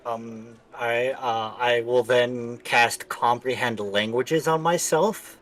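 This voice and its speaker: A man's voice: mid-range voice, slow pace. A man playing a tabletop role-playing game, talking casually and slipping into a theatrical voice for his character. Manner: animated, slips into a theatrical conspiratorial voice in character. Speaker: player.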